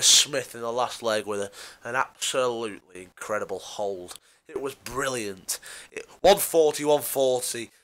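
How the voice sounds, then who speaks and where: A man's voice: mid-range voice, fairly bright tone. A man co-hosting a casual sports podcast, rambling with puns and many fillers. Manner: rambling, punning, filler-heavy. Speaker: podcast co-host.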